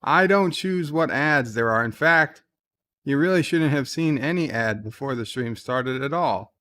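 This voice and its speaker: A man's voice: unhurried, fairly bright tone. Casual male stream host, slight New York accent. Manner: reads chat messages in a raised, livelier voice, then answers in a dry, low aside. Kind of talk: casual live stream chat, reading viewer comments aloud.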